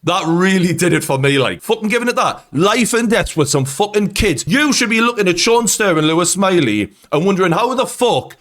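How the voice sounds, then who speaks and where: A man's voice: high-pitched, animated, fairly quick, hardly any pauses, fairly bright tone. Sweary ranting man. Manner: angry, heavy swearing, ranting. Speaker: football fan host. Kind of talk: post-match reaction rant.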